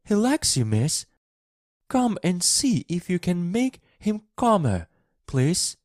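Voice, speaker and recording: A worried young servant woman who begs for help, as a man reads her in a storybook for English learners. The voice is pitched well above a man's speaking pitch and sounds dry and close. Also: sing-song, a little slow, darkish tone, no room sound. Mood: pleading. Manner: pleading.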